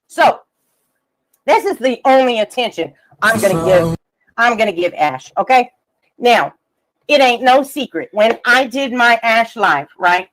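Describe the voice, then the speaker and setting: A woman with a high voice rants on her live stream. She swears constantly, mocks people by name and reads messages aloud between sharp jabs. Her talk is blunt and combative. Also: expressive, a little slow. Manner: profane, combative, mocking. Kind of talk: ranting live stream commentary.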